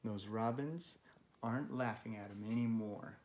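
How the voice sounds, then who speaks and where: A man hosting a children's read-aloud, narrating a story and making gentle, chatty asides to a pet. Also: fairly low pitch, normal speed. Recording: roomy, echoey room.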